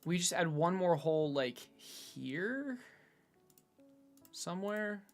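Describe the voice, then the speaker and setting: A man thinking out loud in a casual screen-recorded build log, hesitant with many fillers and restarts, from his room at home. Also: sits high, sing-song, slow pace, soft background music. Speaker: hobbyist robot builder. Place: bedroom at home.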